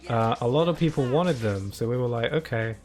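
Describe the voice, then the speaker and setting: A man's voice: mid-range voice, expressive, a little fast, darkish tone, faint music behind. A young man casually commenting while he plays a game, rambling and often restarting his sentences. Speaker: streamer.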